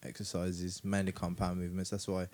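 A man's voice: deep voice, monotone, brisk, darkish tone. A man, co-hosting a casual podcast chat and explaining things at ease, with a sore back. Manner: laid-back, explains fitness with fillers. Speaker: podcast co-host.

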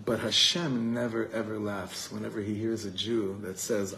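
A man's voice: on the low side, steady tone, normal speed, hardly any pauses, slight background noise. A man telling a story in a sermon as a rabbi at an evening gathering, acting out the voices of the people in it.

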